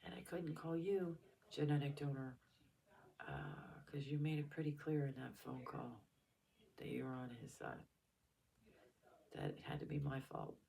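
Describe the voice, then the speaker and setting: A tearful middle-aged woman vlogging a raw emotional monologue to her father, swinging between loud anger and hushed whispers. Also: very deep voice, measured pace, creaky, pauses often. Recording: voice a bit far from the mic.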